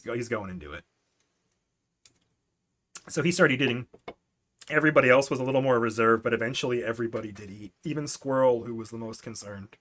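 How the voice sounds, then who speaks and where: Bright-voiced man casually recapping a game. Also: mid-range voice. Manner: rambling, self-correcting, laughs often. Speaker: game master streaming session prep.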